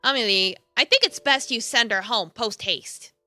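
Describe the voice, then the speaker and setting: Woman voicing a quiet wary maid, low hushed tone, faint music. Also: normal speed.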